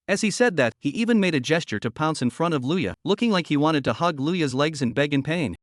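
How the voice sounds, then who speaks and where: A male narrator reads a story recap in a steady, matter-of-fact way. His voice sits a bit high and comes across close and dry, with no room sound. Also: brisk, hardly any pauses, no room sound.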